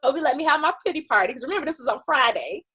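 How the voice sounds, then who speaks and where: A woman guest on an interview show, telling her story in a chatty, animated way and acting out what others said. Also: high-pitched, racing, faint music behind. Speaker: guest entrepreneur.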